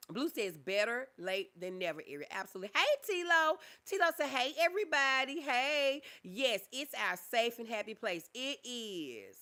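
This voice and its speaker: A woman's voice: a little high, expressive, normal speed, hardly any pauses, bright, forceful tone. A woman, a therapist hosting a casual livestream, reading viewer comments aloud and calling them baby. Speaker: livestream host, mental health therapist.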